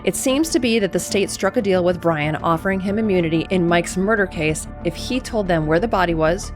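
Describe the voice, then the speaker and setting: A woman narrating a true crime video in a measured, scripted way. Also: lowish voice, music in the background.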